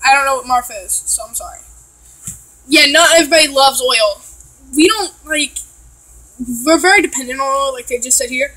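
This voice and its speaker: A woman's voice: high-pitched, a little fast, long pauses, pushed and bright, poor audio. A woman from Texas, chatting casually and ranting with lots of swearing and filler words while reacting to a video.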